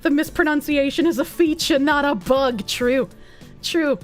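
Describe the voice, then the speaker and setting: A woman's voice: high-pitched, faint music behind. A young adult woman with a Boston accent, chatting casually as a streamer, playful and profane, reading out viewer comments. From United States. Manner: playful and profane, quick asides and laughs.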